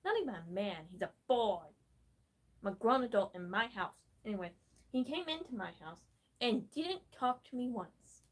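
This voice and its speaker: A woman's voice: medium pitch, breathy edge, poor audio. A young woman rambling and swearing in casual commentary, talking back at a tutorial video while she paints. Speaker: gaming vlogger.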